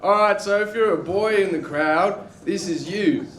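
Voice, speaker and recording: A man teasing the audience in a playful, mock-sweet way. His voice is high. The club is echoey, and loud crowd laughter fills the room. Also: normal speed. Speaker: stand-up comedian. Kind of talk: stand-up set.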